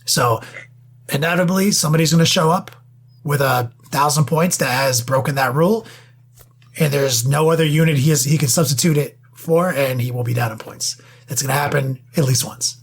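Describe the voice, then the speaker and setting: A man's voice: fairly high pitch, normal speed, husky. A man co-hosting a podcast, talking in a blunt, offhand way and cursing freely. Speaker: podcast co-host. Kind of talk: casual podcast talk.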